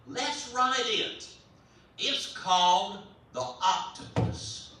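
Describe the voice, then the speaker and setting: A man voicing a cheerful, easygoing father who drawls his words slowly, heard from far off in an echoey hall. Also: very high voice, background noise, pitched above the performer's own voice, heavily acted. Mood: coaxing. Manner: slow, drawn-out speech.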